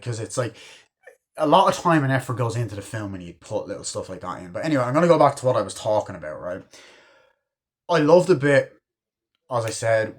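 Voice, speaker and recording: A young man casually reviewing a film, rambling with lots of fillers and frequent swearing. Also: on the low side. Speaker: movie reviewer.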